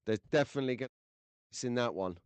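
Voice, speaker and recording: A fast-talking man with a mid-range, clean voice hosts a casual livestream, reading viewer comments in a jokey, rambling way packed with fillers. He speaks into a desk mic close to his face, with no echo.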